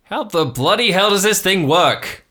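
A man voicing a rambling, boastful old uncle who talks loudly and forgetfully. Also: sits high, animated, a little slow, pitched above the performer's own voice, exaggerated voice. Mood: blustery. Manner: loud, blustery, forgetful.

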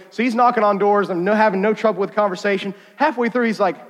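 A middle-aged male pastor preaching a sermon, animated and storytelling, often breaking off with fillers. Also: high-pitched, fast. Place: church sanctuary. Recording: long hall reverb.

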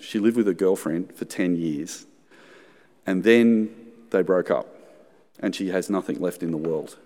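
An Australian man, a pastor, preaching a sermon and telling a personal story in a conversational, animated way. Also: sits low. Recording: long hall reverb.

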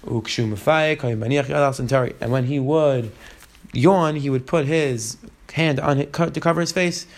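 A man teaching a Talmud class, translating phrase by phrase as he goes. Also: mid-range voice. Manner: translating each phrase and mixing in Hebrew and Aramaic terms.

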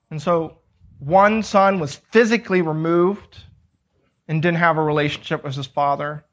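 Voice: mid-range voice, gravelly, fairly bright tone. A preacher teaching on a Bible passage in a conversational way, retelling the story in everyday words and asking rhetorical questions.

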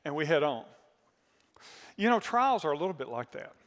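A man preaching a sermon as pastor, telling a story with animated asides and questions to the congregation, his voice a little worn. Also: fairly high pitch, moderate pace, in a large hall. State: voice worn from screaming.

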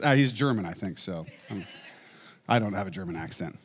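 A man's voice: lowish voice, quick pace, slightly rough. A man preaching a sermon, emphatic, and often asking rhetorical questions. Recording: echoey hall reverb.

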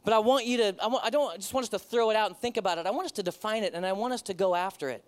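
A middle-aged man preaching as a pastor, conversational and animated, with joking asides to the congregation. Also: high-pitched, very fast. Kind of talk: sermon.

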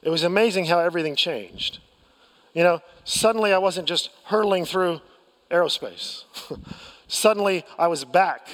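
A man's voice: sits high, normal speed, long reverb tail. An American man preaching a sermon as pastor, telling a personal story candidly with self-deprecating humor and frequent restarts.

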